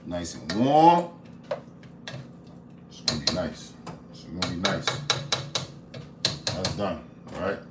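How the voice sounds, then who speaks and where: In his home kitchen, a man cooks live and talks to his chat in an upbeat, preachy way, repeating his phrases as a cooking and motivation streamer. His mid-range voice carries a little hiss or hum, and the roomy kitchen adds faint ambience.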